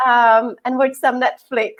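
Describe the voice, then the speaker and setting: A woman hosting an interview, speaking casually with many fillers and pauses. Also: fairly high pitch, little pitch movement. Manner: warm, hesitant with many fillers. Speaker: interview host, English teacher.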